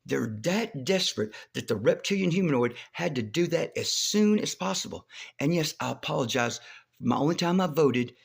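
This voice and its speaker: A man talking alone to the camera in a rambling monologue, halting with many restarts and swearing, growing loud and heated. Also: fairly high pitch, lively intonation, gravelly, husky. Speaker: video host.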